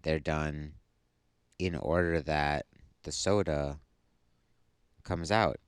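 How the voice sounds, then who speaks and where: A sleepy-sounding tarot reader talks through a reading in a very low, smooth, steady voice. He explains slowly and thoughtfully, pausing often as he works out each card's meaning. The sound is dry and close, with no room sound.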